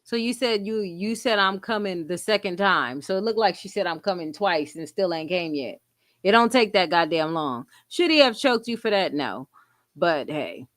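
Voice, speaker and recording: A woman's voice: fairly low pitch, lively intonation, normal speed, a bit bright, no room sound. Woman commentator, brash and mocking, profane reactions, dry close sound.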